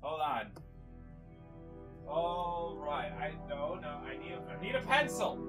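Over music, a young man hosts a let's-play video of a puzzle game, rambling and poking fun at himself as he thinks out loud. His voice is on the high side, sing-song and slow.

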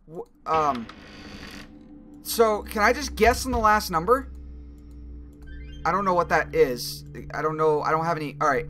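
A young man playing a horror game, talking through it in an excitable, jumpy way and swearing at scares. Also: on the high side, moderate pace, a little hiss or hum. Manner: excitable, jumpy reactions, swearing, thinking aloud. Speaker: gaming YouTuber. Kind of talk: let's play commentary.

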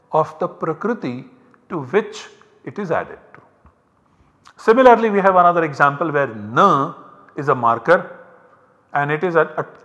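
A man giving a university lecture, explaining step by step in a slow, methodical way. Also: a little high, bright, forceful tone, long reverb tail.

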